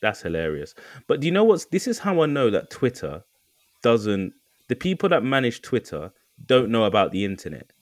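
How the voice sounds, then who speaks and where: Animated laughing young man. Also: medium pitch, normal speed, dry recording, clean studio sound. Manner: animated, laughs often, mimics voices. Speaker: podcast co-host. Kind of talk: casual chat.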